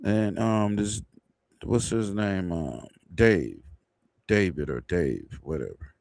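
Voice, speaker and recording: A man's voice: low voice, animated, takes it slowly, gravelly, darkish tone, dry recording, studio quality. A man hosting a livestream, commenting casually in a loose, rambling way and laughing at his own jokes. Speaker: livestream host.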